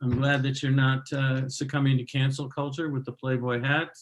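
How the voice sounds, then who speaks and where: A man's voice: mid-range voice, flat delivery, normal speed. A man hosting a live online comedy show, making wry, rambling asides between acts. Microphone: computer mic on a video call.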